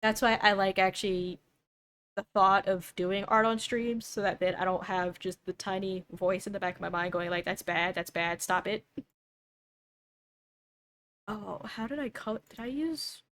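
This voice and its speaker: A woman's voice: medium pitch, normal speed, fairly bright tone. A young woman streamer chatting casually while she draws, thinking aloud and doubting herself as she goes. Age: young adult.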